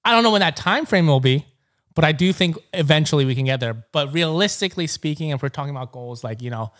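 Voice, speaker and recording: Deadpan young podcast co-host. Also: male voice, on the high side, fast talker. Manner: dry, deadpan, confident. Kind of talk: casual chat.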